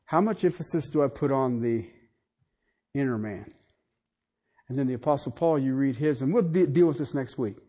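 A man preaching to his congregation in an animated, joking way. His voice swings between loud bursts and quiet, lowered prayer. He sits at an average pitch for a man. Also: moderate pace, long pauses. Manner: animated preaching with jokes and sudden drops to soft prayer. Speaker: pastor. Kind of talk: sermon.

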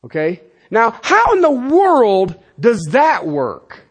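A husky-voiced middle-aged man preaching to his congregation, his pitch riding high and swinging widely. He presses his points hard, then drops into low, muttered asides. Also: wildly swooping pitch, takes it slowly. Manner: emphatic, swings between loud and quiet asides. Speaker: pastor. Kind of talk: sermon.

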